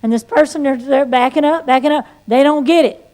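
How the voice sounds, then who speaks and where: High-voiced woman teaching evangelism. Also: brisk. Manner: folksy and animated, with playful asides and shifts of tone. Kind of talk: sermon-like teaching with personal testimony.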